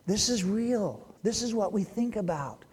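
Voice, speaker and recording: A man preaching a sermon in a church, joking and teasing, then dropping to a hushed voice. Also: high voice, expressive, measured pace, slightly rough. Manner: playful, teasing, swings from loud to hushed. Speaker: pastor. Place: church sanctuary.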